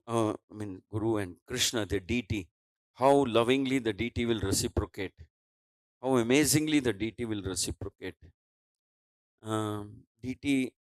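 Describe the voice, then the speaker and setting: A man's voice: mid-range voice, no room sound, low-quality recording. A man with an Indian English accent giving a devotional scripture class, telling a story and voicing its dialogue with many restarts and fillers.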